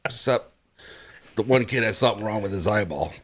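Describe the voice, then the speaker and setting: A man with a lowish voice co-hosts a loose, joking chat. He jokes in a halting way, restarting his sentences as he goes. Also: a little hiss or hum. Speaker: co-host. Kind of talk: casual banter.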